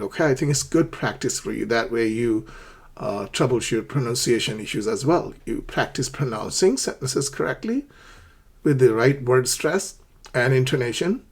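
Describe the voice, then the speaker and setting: A man's mid-range voice with a breathy edge leads an English lesson for learners on shopping phrases. Step by step, he explains and acts out short shop dialogues, with many check-ins such as "okay".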